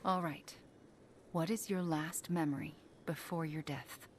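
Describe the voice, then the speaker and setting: A remorseful sorceress from a video game, soft and breathy, every word earnest. Her voice sits very low for a woman. A faint hiss runs beneath. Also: fairly even intonation, measured pace.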